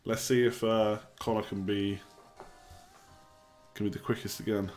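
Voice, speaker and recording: A man's voice: fairly low pitch, level tone, measured pace, a little mellow, soft background music. A young man hosting a live stream, chatting casually, joking and reading out the chat. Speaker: livestream host.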